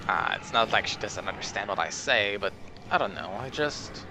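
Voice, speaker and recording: A man's voice: lowish voice, animated, moderate pace, noisy background. A young French Canadian man, a native French speaker with a self-made mixed accent, rambling through chatty, digressive gaming commentary with careful enunciation. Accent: self-made mixed accent over a French Canadian base. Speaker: gaming channel host. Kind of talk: rambling let's-play commentary.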